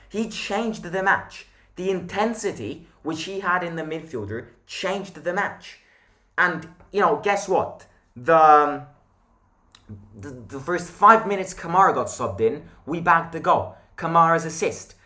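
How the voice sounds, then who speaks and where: A man's voice: fairly high pitch, bright, forceful tone. A young man hosting a football channel, giving a blunt, opinionated match reaction monologue.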